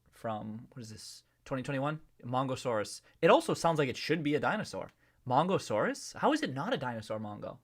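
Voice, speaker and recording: A man hosting a live stream, chatting casually and playfully with viewers and greeting them by name. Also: mid-range voice. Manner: loose rambling with restarts when explaining.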